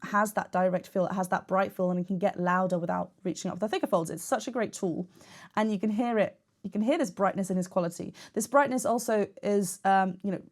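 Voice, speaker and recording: A woman's voice: medium pitch, fairly quick. A young woman, a vocal coach, chatting enthusiastically while she reacts to and analyses a singer's technique.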